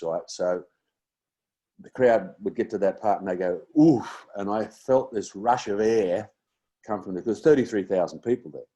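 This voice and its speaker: A man's voice: deep voice, warm tone. A man in his sixties with an Australian accent, a guest comedian telling rambling stories in a casual chat, with many fillers and restarts.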